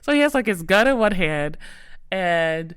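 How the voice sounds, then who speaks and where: A woman's voice: on the low side, expressive, measured pace, smooth, dry recording, studio quality. A young woman hosting a podcast, telling a story in a casual, rambling way full of "like" fillers. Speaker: podcast host.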